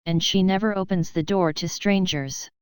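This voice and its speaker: A woman's voice: on the low side, steady tone, normal speed, clean tone, no echo, close to an everyday voice. A woman reading a trusting little girl. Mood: innocent.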